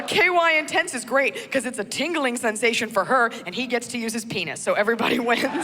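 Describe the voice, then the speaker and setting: A woman performing stand-up comedy with animated delivery and big swings in tone. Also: a little high, quick pace, hardly any pauses, in a large hall, a little hiss or hum.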